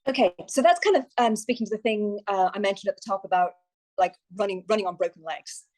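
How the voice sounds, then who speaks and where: A woman's voice: medium pitch, fast talker, a little mellow, poor audio. A woman guest on a podcast, a success coach talking candidly and telling stories in a chatty way. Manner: chatty, candid storytelling with quoted asides. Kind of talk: podcast interview.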